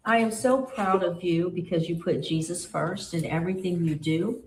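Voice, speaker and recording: Older woman, grandmother, earnest and emotional, lowish voice, echoey room. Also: moderate pace, a little mellow, slight background noise. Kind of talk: heartfelt family speech.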